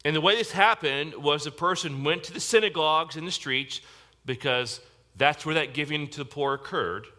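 Bright-voiced preacher man, emphatic. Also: fairly high pitch, moderate pace. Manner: emphatic, asks the congregation questions. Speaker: pastor. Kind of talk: sermon. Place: church service.

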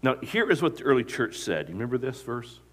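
Here the pastor's mid-range voice is very animated, brisk and a bit bright. His sermon moves through storytelling and movie-scene retellings, with questions left for the congregation to fill in.

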